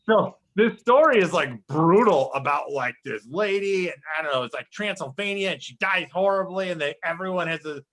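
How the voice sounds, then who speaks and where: A man's voice: high-pitched, expressive, moderate pace, hardly any pauses, fairly bright tone, low-quality recording. A young man chatting as a podcast guest, rambling with many fillers and restarts. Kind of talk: casual chat.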